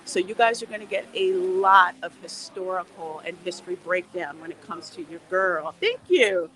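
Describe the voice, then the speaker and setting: A woman hosting a casual, educational walking livestream, chatty and animated as she greets viewers. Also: lowish voice, moderate pace, rough recording. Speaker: livestream host.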